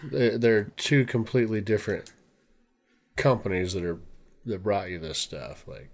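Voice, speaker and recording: A man's voice: lowish voice, normal speed. A young man co-hosting a podcast, in easygoing casual chat with short replies. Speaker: podcast co-host.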